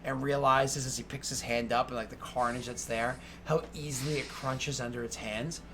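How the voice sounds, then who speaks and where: A man narrating as game master in a tabletop game, animated and full of fillers. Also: mid-range voice, moderate pace, background noise.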